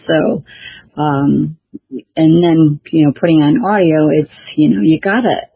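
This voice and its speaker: A woman's voice: sits low, steady tone, measured pace, vocal fry, breathy edge, dry recording. A woman author and show host chatting casually, talking hesitantly with many fillers and restarts. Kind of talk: casual chat. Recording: dull lo-fi dry recording.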